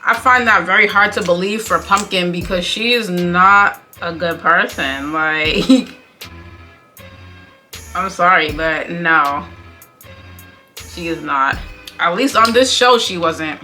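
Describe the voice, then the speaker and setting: A woman's voice: fairly low pitch, slow pace, pauses often, bright, forceful tone, soft background music. A young woman giving a casual, sassy recap and commentary on a reality show, blunt and full of slang. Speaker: commentary vlogger.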